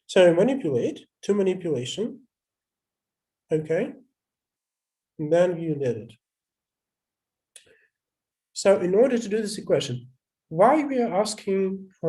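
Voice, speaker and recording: Over a video call, a man with a high-sitting, warm voice delivers a live online lecture while sharing his screen. As the instructor, he thinks out loud hesitantly, often stopping and starting over.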